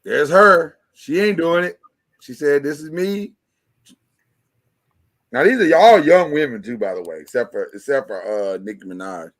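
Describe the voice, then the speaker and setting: A man's voice: medium pitch, lively intonation, normal speed, a bit bright. A man hosting a casual podcast discussion, talking emphatically and repeating words as he starts his thoughts. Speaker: podcast host.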